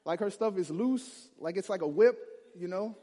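A man from Chicago telling a humorous personal story to an audience, lively and acting out the people in it. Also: high voice, normal speed. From Chicago, USA. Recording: reverberant hall.

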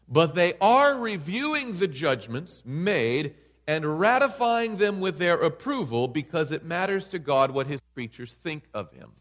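A man's voice: a little high, big pitch swings, unhurried, a bit bright, big-room sound. A man preaching a Bible study sermon in an emphatic way, often checking in with listeners by asking "right?".

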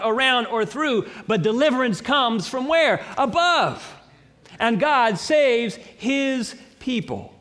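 A man preaching a sermon, reading scripture aloud and building to dramatic, slowly emphasized declarations. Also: high voice, a bit bright, in a large hall. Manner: preaching with dramatic swells and slow emphatic pauses.

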